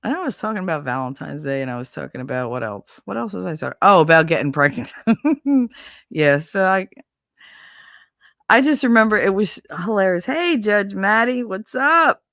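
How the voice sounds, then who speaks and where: A woman's voice: low-pitched, big pitch swings, brisk, vocal fry, fairly bright tone, dry recording, clean studio sound. A middle-aged woman hosting a casual livestream, telling a story with laughter, swearing and acted-out quotes. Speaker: livestream host. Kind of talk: casual storytelling chat with viewers.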